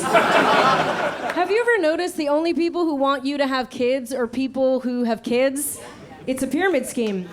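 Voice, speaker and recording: A woman in her thirties performing a stand-up comedy set on a stage mic, telling wry, punchy stories and slipping into quick character voices. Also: high voice. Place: comedy show before a laughing audience. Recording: live show with loud laughter behind.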